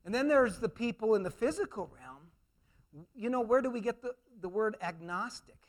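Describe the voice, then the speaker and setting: A man preaching a sermon, emphatic, swinging between loud declarations and hushed asides, mimicking others in mocking quoted voices. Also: high voice, expressive, normal speed.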